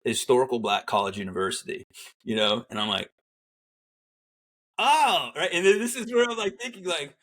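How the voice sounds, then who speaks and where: A middle-aged man with a mid-range voice talks fast as he tells his military story in casual conversation. A guest and Army veteran, he is animated and acts out the people he quotes.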